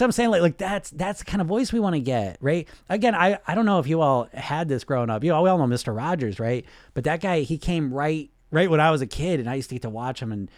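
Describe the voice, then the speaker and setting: A man coaching on weight loss in a casual, animated way, acting out inner voices, laughing and swearing now and then. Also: mid-range voice, no echo.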